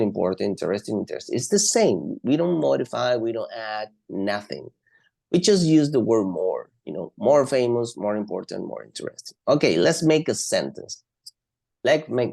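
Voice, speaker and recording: A Spanish-accented English teacher, a native Spanish speaker, runs a bilingual grammar class at an unhurried pace. The voice has a gravelly grain and a lively melody. The teacher repeats each example and quizzes the students with questions. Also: medium pitch.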